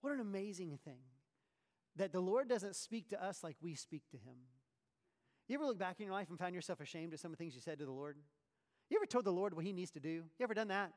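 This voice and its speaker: A man preaching a sermon, animated and full of rhetorical questions and sarcastic asides. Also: high-pitched, a little fast, big-room sound. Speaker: pastor.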